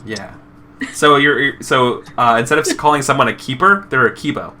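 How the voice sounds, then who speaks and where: A man's voice: medium pitch, normal speed, pushed and bright, a little hiss or hum. A man hosting and running a tabletop game, rambling casually and trailing off with self-deprecating restarts. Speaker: game facilitator and show host. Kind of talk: casual chat while setting up a tabletop game.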